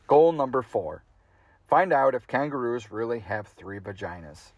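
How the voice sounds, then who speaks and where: A man's voice: medium pitch, a little slow, dry recording, highs cut off. A man reading a humorous memoir aloud in a casual, amused way, now and then laughing at the text. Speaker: audiobook reader.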